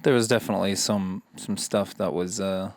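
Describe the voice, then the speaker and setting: Guy hosting a podcast, cussing a lot, lively storytelling, dead dry room. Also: deep voice, normal speed, dry recording. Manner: animated storyteller, swears freely. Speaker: podcast host. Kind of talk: casual podcast chat.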